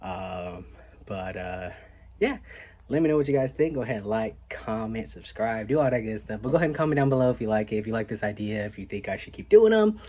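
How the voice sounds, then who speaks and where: Young man, low husky voice, casual vlog storytelling, laid-back, swears. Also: brisk. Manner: animated, laid-back, swears and says "like" a lot. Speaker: vlogger.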